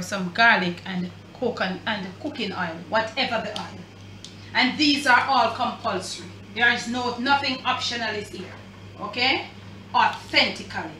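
A woman's voice: fairly high pitch, bright, forceful tone, a little hiss or hum. A woman with a Jamaican accent hosting a cooking show, talking viewers through a recipe in a chatty, emphatic way. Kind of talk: casual cooking demonstration. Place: home kitchen. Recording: roomy sound from a distance.

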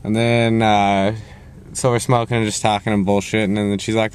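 A man's voice: on the low side, level tone, normal speed, clean tone. A young man ranting casually to camera, rambling and cursing as he jumps around in his story. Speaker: vlogger.

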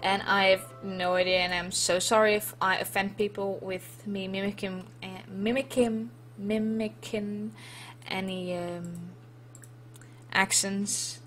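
Slow, chatty Dutch woman playing a game. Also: mid-range voice, fairly even intonation, a bit bright, faint music behind. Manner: chatty and playful, reads on-screen text aloud. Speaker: let's play host. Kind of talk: casual gameplay commentary.

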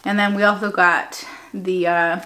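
A young woman chatting casually in a vlog, slangy and animated, often trailing off and restarting. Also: on the low side, measured pace, slight background noise. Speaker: vlogger. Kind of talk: casual chat.

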